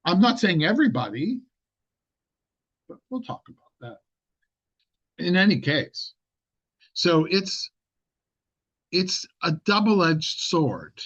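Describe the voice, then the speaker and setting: A man's voice: high-pitched, big pitch swings, slow, long pauses, fairly bright tone, husky, highs cut off. A man giving an informal, conversational sermon, often correcting himself mid-sentence and laughing at his own asides. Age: older. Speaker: preacher.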